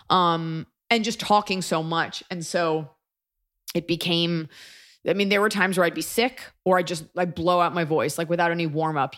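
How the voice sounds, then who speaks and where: A woman's voice: deep voice, moderate pace, a bit bright. A woman in her thirties hosting a podcast, chatting casually in a rambling, self-deprecating way. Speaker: podcast host and comedian.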